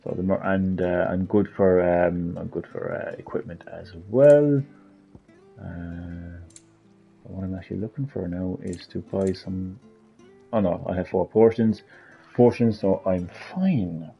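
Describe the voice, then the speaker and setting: A man's voice: deep voice, unhurried, vocal fry, husky. A man giving casual, rambling let's-play commentary, blunt and thinking aloud. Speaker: gaming video host. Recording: lo-fi with game music behind.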